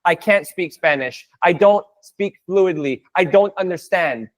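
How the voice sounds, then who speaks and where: A man with a voice that sits high and moves at a measured pace teaches a live online Spanish class. Playful and chatty, he breaks down jokes and phrases for his students.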